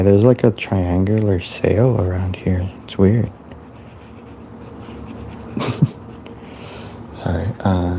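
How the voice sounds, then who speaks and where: A man telling a rambling, deadpan tall tale with many halts and restarts. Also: low-pitched, gravelly, slight background noise. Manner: halting, full of restarts and fillers. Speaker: storyteller drawing on camera.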